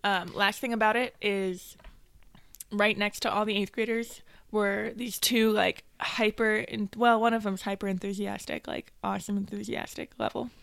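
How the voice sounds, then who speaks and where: A woman's voice: medium pitch, steady tone, normal speed, vocal fry, a bit bright, no room sound. A young woman co-hosting a podcast, telling a story in casual chat, acting out quotes and laughing often. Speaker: podcast co-host.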